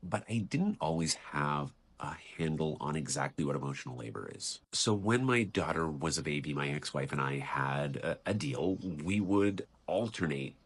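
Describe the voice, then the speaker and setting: Brief: middle-aged man, very deep husky voice, earnest reflective storytelling. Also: expressive, moderate pace, hardly any pauses. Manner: earnest, confessional.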